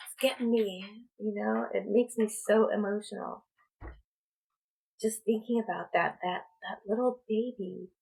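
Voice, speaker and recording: Slow, reflective woman vlogger. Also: medium pitch, expressive, gravelly, husky, low-quality recording. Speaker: spiritual coach and tarot reader. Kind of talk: personal vlog monologue.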